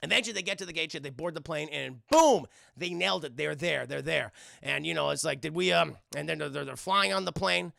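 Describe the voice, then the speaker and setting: A man streaming a profane, animated film recap to his live chat, acting out scenes and swearing often. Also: fairly high pitch, brisk, vocal fry, few pauses, dry recording, clean studio sound. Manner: animated, acts out scenes in shouted voices, swears a lot.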